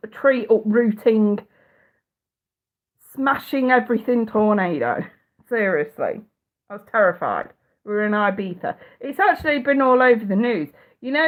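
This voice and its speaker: A woman with a blocked, stuffy nose, hosting a casual livestream as a psychic reader, chatty, swearing freely and laughing often. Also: mid-range voice. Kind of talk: casual livestream chat answering viewers.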